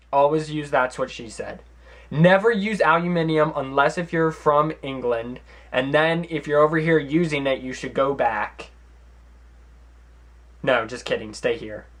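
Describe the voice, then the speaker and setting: Young guy at home doing a sarcastic vlog, deadpan, rambles off on tangents. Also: medium pitch. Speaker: vlog host. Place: at home, sitting in front of a camera.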